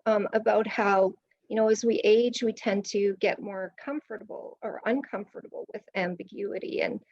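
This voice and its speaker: A woman with a mid-pitched voice who lays out her point in a measured, explanatory way. The sound is dull and dry, like muffled video-call audio. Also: fairly even intonation, a little mellow, no echo. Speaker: conference attendee asking a question.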